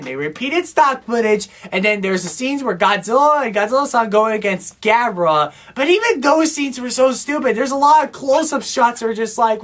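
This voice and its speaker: A woman's voice: fairly high pitch, fairly bright tone. A woman giving a casual, exasperated movie review, rambling and full of fillers as she complains. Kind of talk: casual film review rant.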